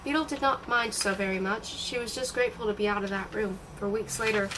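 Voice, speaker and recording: A woman reading a novel aloud in a steady, expressive storytelling voice. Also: medium pitch, fairly quick, far from the mic, noisy background. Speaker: audiobook reader.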